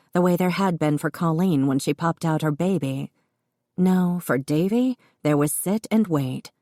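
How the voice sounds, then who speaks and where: A woman reading an audiobook in steady, expressive narration. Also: fairly low pitch, no room sound, clean studio sound.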